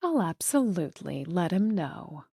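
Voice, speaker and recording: A woman's voice: fairly low pitch, sing-song, measured pace, warm tone, husky, no echo, studio quality, exaggerated voice. A woman voicing a poised society wife with a cool, guarded manner.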